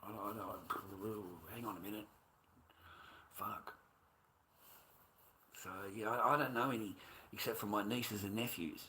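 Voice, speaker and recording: Forceful, swearing middle-aged man ranting. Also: lowish voice, fairly even intonation, measured pace, pauses often, slight background noise. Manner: rambling, heavy swearing, agitated. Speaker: livestreamer. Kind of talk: casual livestream chat.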